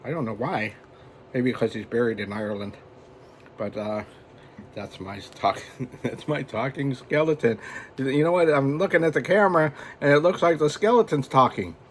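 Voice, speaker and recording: A man's voice: medium pitch, normal speed, slight background noise. A man talking casually at home for his vlog, rambling and chatty and chuckling often as he goes. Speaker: vlogger.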